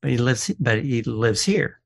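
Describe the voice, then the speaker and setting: On a casual radio talk show, a guest who is a watch expert and appraiser animatedly tells stories, quoting the people involved and frequently restarting sentences. His voice is gravelly and slightly rough, mid-pitched for a man, and he talks a little slowly.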